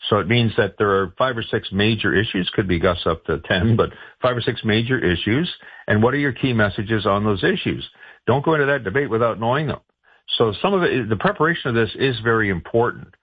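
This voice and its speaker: A man's voice: lowish voice, animated, brisk, breathy edge, dry recording, highs cut off. A man giving political advice in a radio interview, talking loosely with many fillers and restarts. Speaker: political strategist guest.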